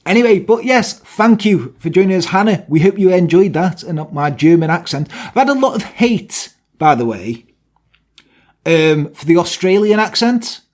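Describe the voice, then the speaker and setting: Male podcast co-host, young, high-ish voice, jokey and self-mocking. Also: lively intonation, moderate pace. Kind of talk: casual podcast chat.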